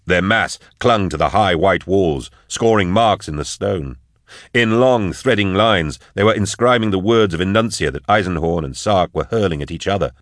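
Man, audiobook narrator, very low voice, steady measured storytelling, dry recording. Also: dry recording. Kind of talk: scripted narration.

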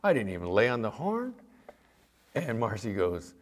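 A man's voice: lowish voice, wildly swooping pitch, normal speed. A middle-aged man preaching a sermon, talking in a conversational, folksy way and telling stories from his own life. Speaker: pastor.

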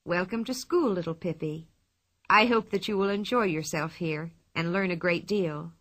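A woman's voice: medium pitch, animated, fairly bright tone, dry recording. A woman voicing a patient schoolteacher. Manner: friendly and measured. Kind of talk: storybook reading.

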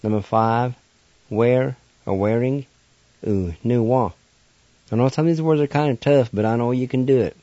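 A man with a Cherokee accent, a radio host, patiently teaching words in a slow lesson and spelling them letter by letter. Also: medium pitch, mellow, dry recording. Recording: dull dry radio studio sound.

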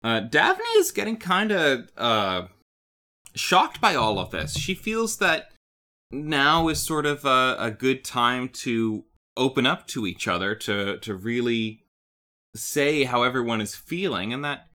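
A man co-hosting a casual podcast recap, his pitch swinging freely up and down as he talks. His tone is bright and forward, and he keeps it animated, slipping into the characters' voices now and then. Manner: animated, acts out characters' lines in quick bursts. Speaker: podcast co-host. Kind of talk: casual chat recapping a cartoon episode.

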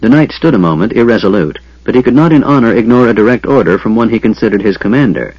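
Brief: low male narrator, lively intonation, dry muffled lo-fi recording. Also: quick pace, husky, no room sound. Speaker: audiobook narrator. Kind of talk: scripted narration.

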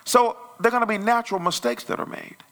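A male pastor telling a story in a conversational sermon that grows loud and animated. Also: high-pitched, quick pace. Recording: church sermon audio.

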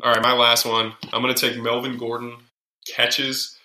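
A man's voice: medium pitch, flat delivery, normal speed, sharp tone. A man hosting a sports betting show, running the segment with frequent stammered restarts. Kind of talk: casual sports betting talk. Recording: roomy echo.

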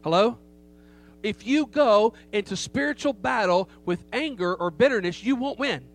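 With a high voice, lively intonation and normal speed, a middle-aged man preaches as a pastor, storytelling with emphasis and rhetorical questions aimed at the congregation. The recording carries a faint background hum.

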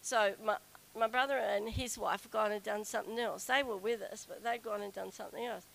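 A middle-aged woman telling a personal story to an audience in a chatty, animated way. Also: fairly quick, vocal fry, low-quality recording. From Australia. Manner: chatty, animated, acts out quoted whining in a high voice. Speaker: speaker telling a story to a group.

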